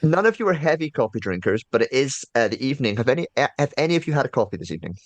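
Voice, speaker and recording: A man's voice: medium pitch, very fast, no echo. A man narrating as game master of a tabletop horror game, telling the scene with many fillers. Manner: lively storyteller, many fillers.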